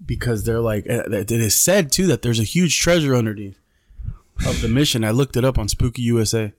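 A man's voice: medium pitch, brisk, dry recording, studio quality. Laid-back swearing podcast guy. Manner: laid-back, swears freely, says bro and dude. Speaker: podcast co-host. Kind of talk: casual storytelling chat.

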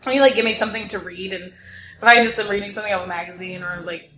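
A giggly, animated woman from Kansas chats on a podcast, often laughing and slipping into borrowed accents. Her voice sits in a middle range and carries a roomy echo. A faint room ambience hums behind her. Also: medium pitch, quick pace, a little hiss or hum. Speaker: podcast co-host. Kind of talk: casual chat.

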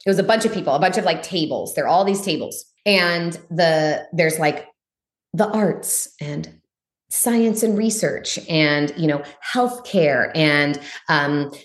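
A woman's voice: unhurried, reverberant. A woman guest on a podcast, talking bluntly and emphatically, swearing freely and saying "like" a lot. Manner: frank and blunt, swears freely, uses lots of "like"; emphatic, voice jumps high for stress. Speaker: guest, spiritual teacher. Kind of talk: candid podcast conversation.

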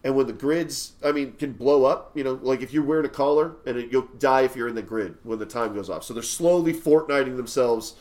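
A man's voice: mid-range voice, brisk, few pauses, darkish tone. Rambling, swearing podcast guy. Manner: rambling, swearing, stop-start enthusiasm. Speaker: podcast co-host. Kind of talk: casual movie-talk podcast.

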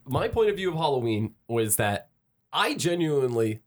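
A man co-hosting a podcast in casual chat, swearing often and talking excitably. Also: normal speed. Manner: profane, excitable, jumps around in pitch. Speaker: podcast co-host.

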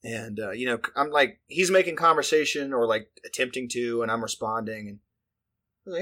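Guy in his 30s telling a story, bright voice, lots of likes and swearing. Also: medium pitch, animated, normal speed. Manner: profane, rambling, filler-heavy delivery. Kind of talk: casual storytelling chat.

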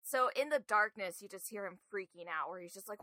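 A woman co-hosting a horror podcast, chatting casually and retelling scenes in an animated way. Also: mid-range voice, fairly quick, few pauses, dry recording. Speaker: podcast co-host. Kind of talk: casual chat.

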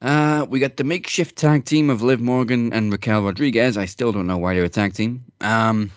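A man's voice: mid-range voice, normal speed, no room sound. A man co-hosting a casual wrestling chat, in a laid-back, offhand way. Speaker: podcast co-host.

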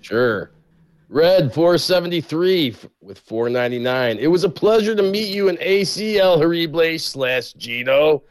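A man's voice: a little high, expressive, a little slow. Laid-back man reading out donations. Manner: reads names and donations in a plain, laid-back way, laughs often. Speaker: co-host reading viewer gifts. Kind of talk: casual live-stream banter.

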